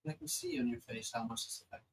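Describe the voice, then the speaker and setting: A game master voicing an ancient female celestial being who speaks slowly and solemnly. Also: medium pitch, wildly swooping pitch, a little hiss or hum, poor audio. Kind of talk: voicing a character in a tabletop game.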